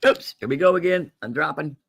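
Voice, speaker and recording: A man's voice: fairly high pitch, a little fast, gravelly, noisy background. A man hosting a casual livestream sale of coins and jewelry, chatty and folksy, calling viewers "folks.". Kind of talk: casual live sales stream.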